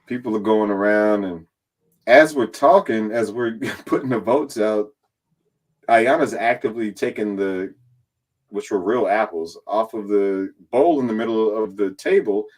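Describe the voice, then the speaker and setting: Profane, animated man telling a story. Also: lowish voice, measured pace. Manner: animated and profane, acting out others' lines in quotes. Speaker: reality competition contestant and guest. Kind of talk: casual storytelling recap.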